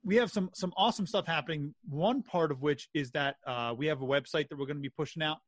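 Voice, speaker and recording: A man co-hosts a casual wrestling podcast. He sounds dry and close to the mic with a slightly raised pitch, and he laughs easily while plugging the network. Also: quick pace, no echo.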